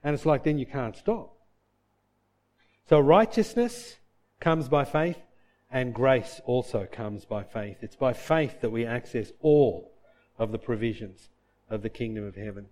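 Mellow pastor preaching a sermon. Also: male voice, animated, unhurried. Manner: asks the congregation questions and answers them himself; drops to a soft, low voice for heartfelt points.

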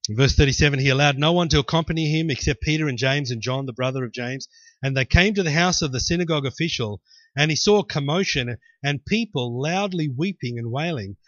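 A man's voice: on the high side, fast, dry recording, muffled recording. A man preaching a sermon and acting out the people in the story. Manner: animated preaching, acting out voices. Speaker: pastor.

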